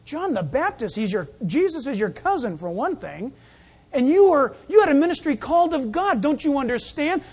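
A pastor giving a sermon in an animated, jokey way, acting out the scenes. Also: high-pitched, moderate pace.

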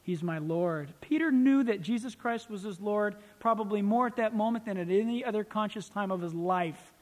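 A man preaching a sermon as pastor, animated and acting out little scenes. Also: sits high, fairly quick, long reverb tail.

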